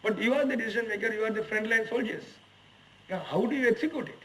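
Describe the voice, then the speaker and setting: A man's voice: sits high, fast talker, distant mic, a little hiss or hum, rough recording. A man in his forties with an Indian English accent, giving a lecture to management students and asking them emphatic rhetorical questions. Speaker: HR executive giving a guest lecture. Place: lecture hall at a management institute.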